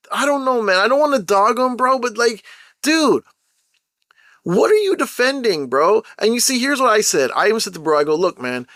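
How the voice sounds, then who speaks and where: Young man, host, bright high voice, fired-up slangy rant, dry close sound. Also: no echo. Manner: animated, irritated storytelling with slang. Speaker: podcast host. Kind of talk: casual monologue rant.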